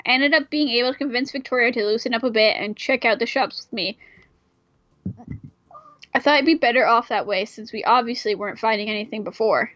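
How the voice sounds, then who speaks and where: A woman's voice: a little high, fairly quick, fairly bright tone, no echo, highs cut off. A woman reading a visual novel aloud in a casual way, breaking off for irreverent, swearing asides. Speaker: player reading a game aloud.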